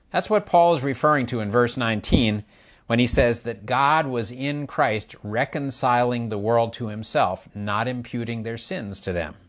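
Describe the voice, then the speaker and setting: An older man preaching a sermon, explaining slowly and asking the listeners questions as he illustrates with his hands. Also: mid-range voice, fairly bright tone.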